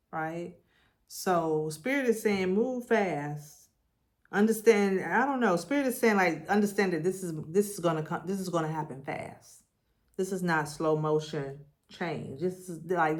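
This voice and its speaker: Slow, low-voiced woman reading tarot. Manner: slow, repetitive, affirmation-style. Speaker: tarot reader. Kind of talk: spiritual tarot reading monologue.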